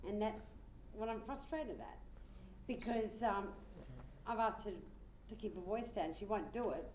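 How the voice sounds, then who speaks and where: A woman's voice: mid-range voice, a little slow, darkish tone, lightly acted. A woman playing a frustrated coworker in a mediation role-play, blunt and exasperated as she explains her grievance. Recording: roomy with faint crowd and noise.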